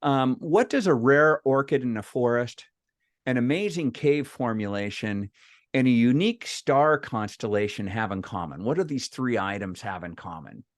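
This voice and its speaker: A man's voice: medium pitch, expressive, moderate pace, dry recording, studio quality. A man presenting at an online meeting. He tells anecdotes with frequent restarts and asks the group questions. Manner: storytelling with many restarts. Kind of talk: casual workshop talk.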